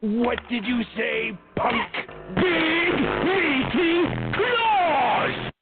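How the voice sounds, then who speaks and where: A very high, swooping cartoon creature taunts in slow, drawn-out shouts. Its pitch leaps around. Music plays under a thin, phone-like sound. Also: male voice, animated, creaky, full character voice. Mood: taunting. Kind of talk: cartoon clip. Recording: tinny phone-like audio over music.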